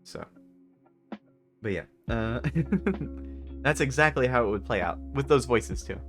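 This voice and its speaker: A man's voice: mid-range voice, lively intonation, moderate pace, fairly bright tone, faint music behind. A man streaming from a parked car, chatting casually with viewers, giggling often and rambling. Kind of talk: casual live-stream chat.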